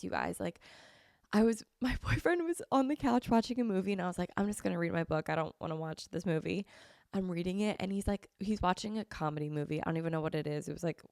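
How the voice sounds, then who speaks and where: A woman's voice: lowish voice, creaky, a little mellow, no echo, studio quality. A young woman hosting a podcast, chatting casually and gushing effusively, with a slight cold. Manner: gushing, effusive, repeats herself. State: has a cold, sniffly. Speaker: podcast host. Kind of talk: casual chat.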